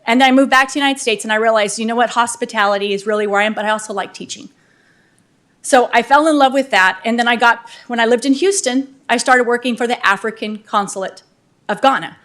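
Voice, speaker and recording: A woman who has just been elected to the city council gives an unscripted, energetic speech full of heartfelt thank-yous in a council chamber. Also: on the high side.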